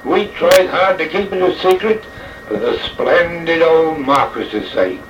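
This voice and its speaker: A man's voice: on the high side, lively intonation, soft background music. Man reciting a theatrical verse tale. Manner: theatrical, slow and deliberate delivery. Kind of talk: dramatic verse recitation as an old jockey. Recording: echoey, distant, dull old recording.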